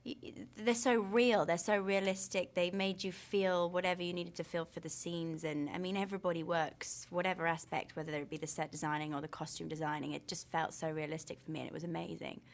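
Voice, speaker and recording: A woman's voice: lowish voice, steady tone, brisk, few pauses. A woman, an actress, answering questions in a film press interview with enthusiastic, gushing storytelling.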